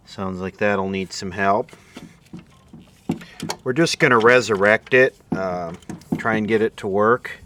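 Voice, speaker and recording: A man's voice: lowish voice, slow, pauses often, noisy background. A middle-aged man casually narrating as he inspects old equipment in a workshop, thinking aloud with mumbled asides. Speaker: repair video host.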